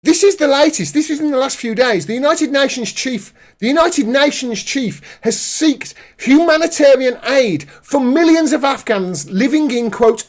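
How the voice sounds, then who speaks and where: A man hosting a live political commentary stream, reading news aloud and reacting with indignant sarcasm. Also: extremely high pitch.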